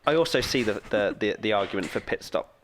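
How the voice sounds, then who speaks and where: Low-voiced male co-host asking questions. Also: animated, fast talker, a little hiss or hum. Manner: hesitant, restarts, asks questions. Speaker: podcast co-host. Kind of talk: casual chat.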